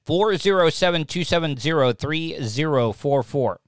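Guy doing his own podcast from home, kinda high voice, rambly, dry close mic. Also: lively intonation, moderate pace, smooth, no room sound. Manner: rambling, self-deprecating, repeats himself. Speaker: podcast host. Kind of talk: casual live-stream chat. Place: home studio lit with lamps. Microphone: desk podcast mic with a mixing board.

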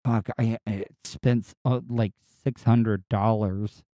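A man hosting his own podcast in a casual solo monologue, with a distinctive voice that is not deep, talking in a rambling, crude, candid way with frequent restarts. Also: steady tone, slow, dark tone, no room sound, studio quality. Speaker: podcast host and radio personality.

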